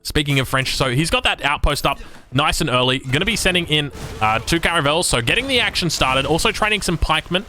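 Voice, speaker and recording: A man's voice: a little high, animated, brisk, sharp tone, faint music behind. A man casting a strategy game match play by play, upbeat and joking, often asking his co-caster questions. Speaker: esports caster.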